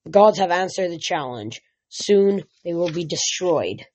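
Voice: mid-range voice, expressive, unhurried, a little mellow, a little hiss or hum. Reader doing a cruel golden titan boss, bossy and smug, kinda muffled audio. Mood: commanding. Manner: commanding, arrogant. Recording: dull lo-fi recording.

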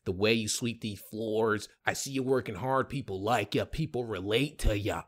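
A man's voice: on the low side, normal speed, lightly acted. A man voicing an earnest male restaurant manager who coaxes and stretches out his words. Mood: coaxing. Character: earnest adult male restaurant manager, dead serious about shimmies.

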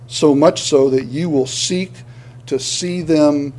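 A man's voice: fairly high pitch, slow pace, a little mellow. A male pastor preaching a sermon, earnest, often restarting words and building to emphatic points.

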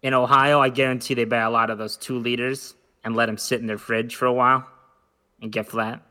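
A man's voice: medium pitch, level tone, fairly quick, bright, forceful tone. A man co-hosting a casual podcast chat, rambling and joking playfully. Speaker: podcast co-host.

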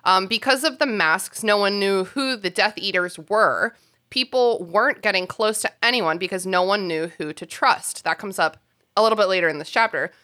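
A woman's voice: mid-range voice, normal speed, bright, forceful tone. A woman co-hosting a casual podcast, reading a listener email aloud with giggles and self-mocking swearing. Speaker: podcast co-host.

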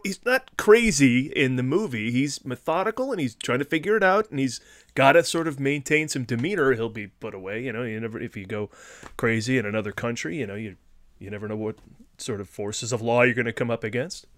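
Animated man in a dry close recording. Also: medium pitch, fairly quick, dry recording. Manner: animated, breaks into shouted impressions. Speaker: podcast co-host. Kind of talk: casual film discussion.

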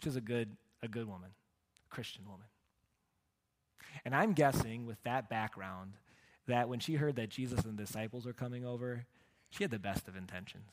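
A man preaching in a church sanctuary, his voice trailing off in a long reverb around the hall. He tells stories with humor, rising to loud emphasis and then dropping almost to a hush. His pitch sits in a middle register. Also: normal speed, pauses often. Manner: animated storytelling with humor, swings from loud to hushed. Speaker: pastor. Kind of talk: sermon.

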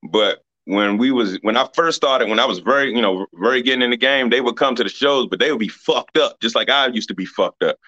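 Bright-voiced laid-back male comedian. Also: medium pitch, a little fast, hardly any pauses. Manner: laid-back, supportive, casual swearing. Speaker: stand-up comedian. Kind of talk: casual podcast chat. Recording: slightly dull lo-fi sound.

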